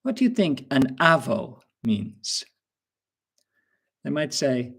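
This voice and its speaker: An Irish man leads an online English lesson, going through words one at a time with a patient, unhurried delivery. His voice sits at an everyday middle pitch. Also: lively intonation, vocal fry, breathy edge. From Ireland. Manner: slow, patient explanations with examples. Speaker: English teacher. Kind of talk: webinar lesson.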